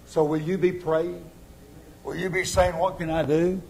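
A man preaching a sermon as pastor, surging to loud exhortation and sinking to quiet appeals. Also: little pitch movement, a little slow, creaky, background noise. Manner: impassioned, rising to loud exhortation then dropping low. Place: church sanctuary.

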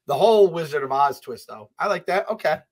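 A man hosting a casual podcast, giving offhand opinions and quick asides. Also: fairly high pitch, expressive. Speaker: podcast host.

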